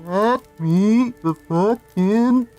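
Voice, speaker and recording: A man voicing an inhuman creature that imitates a man's voice, with a halting, rhythmless delivery. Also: high voice, a little mellow, faint music behind, pitched above the performer's own voice. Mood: menacing.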